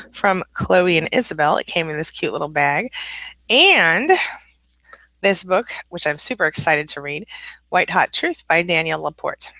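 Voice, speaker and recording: A woman's voice: lowish voice, pushed and bright, no room sound. A woman hosting a casual live-stream coaching chat, laughing often, greeting viewers by name and giving encouraging advice. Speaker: life coach and channel host.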